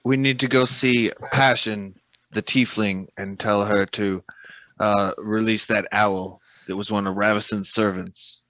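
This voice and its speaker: A practical man plans the group's next moves at a tabletop game. His voice sits low and comes through a dull, lo-fi mic. The sound is dry. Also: steady tone, unhurried, a bit bright, no room sound. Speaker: player. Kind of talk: casual game chat.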